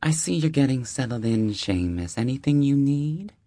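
A man voicing a warm, motherly older woman who runs a deli, a longtime hippie, in an audiobook. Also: medium pitch, lively intonation, normal speed, dry recording, studio quality, pitched above the performer's own voice, natural voice. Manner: motherly, kindly fussing. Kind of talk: audiobook character voice.

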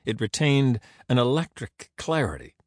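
A man narrating an audiobook in an expressive, dramatic reading. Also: mid-range voice, normal speed, no room sound, clean studio sound.

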